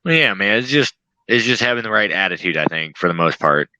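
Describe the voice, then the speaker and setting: A young man chatting casually as a podcast guest, his voice bright and forward and somewhat low for a man. He laughs a lot and slips into quick voices to act out how he reacted. It sounds dry and close, with no room around it. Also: animated, dry recording, poor audio. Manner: laughs often, acts out his own reactions. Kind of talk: casual chat.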